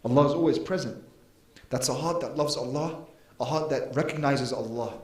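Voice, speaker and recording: A man's voice: mid-range voice, normal speed. A man giving an earnest mosque lecture, emphatic, with sudden rises and drops in volume. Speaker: preacher. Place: mosque hall. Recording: echoey mosque hall.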